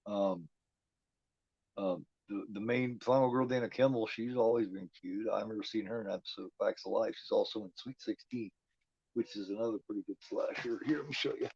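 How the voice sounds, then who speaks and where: A man's voice: on the low side, brisk, vocal fry, a little mellow, slightly rough, no room sound, highs cut off. A man giving casual, profane commentary while watching a movie, talking back at the screen.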